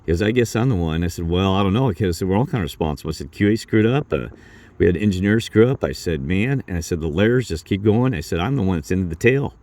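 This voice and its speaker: A man telling a rambling work story in casual talk, acting out his coworkers' lines in a higher voice. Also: darkish tone, dry recording. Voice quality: low gravelly voice. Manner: rambling, acts out coworkers' lines with raised pitch.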